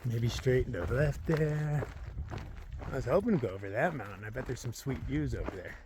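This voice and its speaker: A man of middling pitch talks his way along a wet trail outdoors, chatty and playful, chattering to himself and the animals he passes. The recording is noisy, with open-air ambience and animal sounds behind him. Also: lively intonation, brisk. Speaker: solo long-distance hiker. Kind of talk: casual vlog narration while walking.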